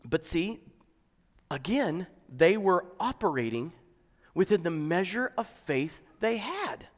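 A pastor preaching a conversational sermon that builds to fervent, emphatic exclamations. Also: male voice, sits high, sing-song, slow pace, long reverb tail.

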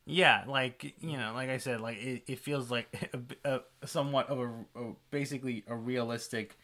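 A man's voice: medium pitch, fairly even intonation, moderate pace, sharp tone. A man co-hosting a podcast, reviewing a film in casual chat, rambling with lots of fillers. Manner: rambling, filler-heavy, laughs easily. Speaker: podcast co-host.

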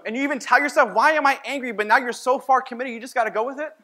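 A man's voice: extremely high pitch, rapid-fire, noisy background. A man preaching as a pastor, telling a personal story in a conversational sermon and acting out his own lines.

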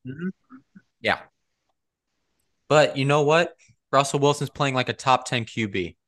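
A young man hosting a casual sports chat, animated and argumentative. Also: mid-range voice, measured pace. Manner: animated and argumentative, leading the rundown. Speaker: podcast host.

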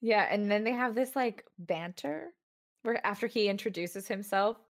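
A woman's voice: mid-range voice, moderate pace. A woman co-hosting a podcast, chatting casually about a book, sarcastic and laughing often as she mimics the characters. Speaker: podcast co-host. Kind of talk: casual book-club chat.

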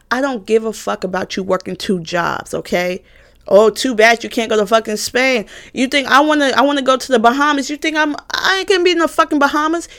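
A young woman in her twenties rants through a heated storytime vlog about a former roommate. Her voice sits a little high, and she swears freely, jumping between exasperation and mocking retorts. She talks straight to her viewers in a casual, animated way. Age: 20s. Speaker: college student vlogger.

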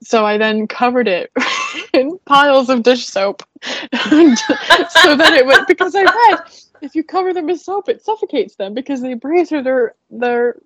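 A woman's voice: sits high, expressive, a little slow, a bit bright, dry recording. A young woman co-hosting a casual podcast chat who laughs often and tells stories in careful detail. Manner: giggly, detailed storyteller. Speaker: podcast co-host. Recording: dull lo-fi sound.

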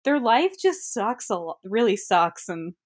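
A woman's voice: medium pitch, sing-song, unhurried, noisy background. A woman in her thirties chatting casually about a movie, laughing often and acting out her own thoughts.

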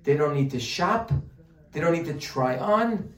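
A man giving a humorous religious lesson, animated and joking, full of rhetorical questions. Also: a little high, a little slow. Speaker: Torah teacher. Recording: roomy sound from a distant mic.

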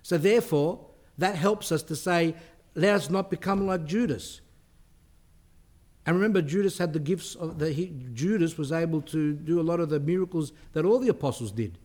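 Earnest priest giving a spiritual talk. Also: male voice, a little high, a little fast, darkish tone. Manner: earnest, rising emphasis on key points. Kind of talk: spiritual talk reading and explaining a text.

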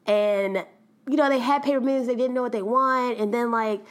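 A young adult woman hosting a podcast, telling a story in a chatty, animated way and laughing often. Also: on the high side, normal speed, clear, resonant tone. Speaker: podcast host. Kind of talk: casual storytelling monologue.

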